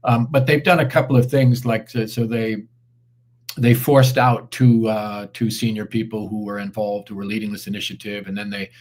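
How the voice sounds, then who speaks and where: Measured low-voiced man with many fillers. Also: little pitch movement, a little mellow. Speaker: guest commentator. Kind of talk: live online interview.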